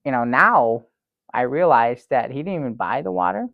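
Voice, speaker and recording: Playing a naive, middle-aged sad sack who is earnest and oblivious, a man tells a story as a comedy sidekick in improvised sketch banter. His gravelly voice sits at medium pitch, animated and at normal speed, with phone-quality sound and no room echo. He rambles earnestly, restarting again and again.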